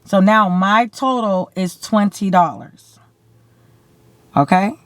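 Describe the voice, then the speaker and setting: A woman from California telling a story to her camera in a blunt, animated way, swearing freely and saying "like" often. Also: medium pitch, slow pace, dry recording. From San Bernardino, California. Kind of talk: casual storytime. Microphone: camera mic.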